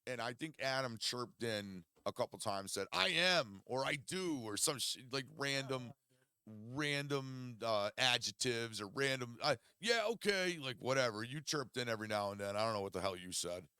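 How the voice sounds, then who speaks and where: A man's voice: mid-range voice, normal speed, bright, forceful tone, clean tone, no room sound. A man hosting a podcast from his basement, telling a rambling, profanity-heavy story in casual chat. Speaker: podcast host. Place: home basement studio.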